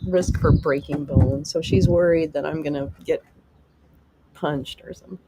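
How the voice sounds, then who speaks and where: A woman's voice: low-pitched, steady tone, moderate pace, mellow, husky, rough recording. A middle-aged woman hosting a live stream, talking in an emotional, rambling and profane way because she is upset.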